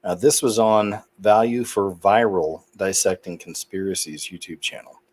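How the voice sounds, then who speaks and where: A man's voice: deep voice, fairly even intonation, normal speed, darkish tone. A man hosting his own channel, reading news items aloud and making casual, muttered asides. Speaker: channel host.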